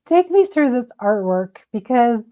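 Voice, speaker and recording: A woman's voice: on the high side, very animated, measured pace, mellow. A woman hosting an interview in a chatty, playful way. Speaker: radio host. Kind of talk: casual interview.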